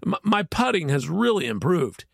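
A man putting on a squeaky excited golfer. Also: normal speed, creaky, slightly rough, no room sound, clean studio sound, heavily acted. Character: eager middle-aged male golfer, boastful.

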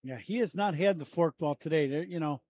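A man gives easygoing baseball color commentary from the booth. His voice is somewhat higher than most men's. He talks casually as he breaks down each pitch for the listener. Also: fairly quick, no room sound. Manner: relaxed, chatty, breaks down pitches.

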